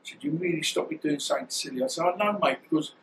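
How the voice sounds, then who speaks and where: A man's voice: a little high, rapid-fire, slight background noise, rough recording. Rambling man in his fifties. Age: 50s. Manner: rambling, animated, acts out dialogue, swears. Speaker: guest, former boxer. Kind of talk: storytelling interview.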